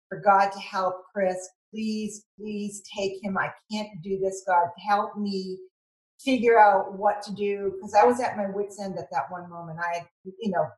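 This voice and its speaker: A middle-aged woman, a mother, telling a personal story in conversation, earnest and halting, often restarting her sentences as the emotion comes through. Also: medium pitch. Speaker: mother of son in addiction recovery, guest. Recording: roomy echo.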